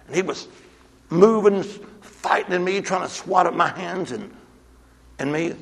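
A man preaching a sermon to his church, moving from quiet storytelling to shouted exhortation. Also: high voice, a little slow, creaky, pauses often, in a large hall. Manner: builds from hushed storytelling to shouted call-and-response exhortation. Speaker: pastor.

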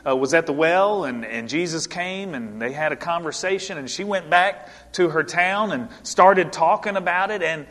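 A man's voice: a little high, normal speed, hardly any pauses, fairly bright tone. A male pastor preaching an earnest, emphatic sermon to his congregation in a church. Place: church sanctuary. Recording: long hall reverb.

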